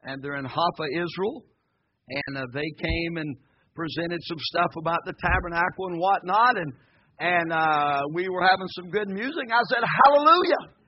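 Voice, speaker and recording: A man preaching a folksy, joking sermon in a church, his voice high and a little husky. He talks casually with the congregation, then rises into loud, shouted praise. The recording sounds dull and muffled. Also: moderate pace. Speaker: pastor. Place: church sanctuary before a congregation.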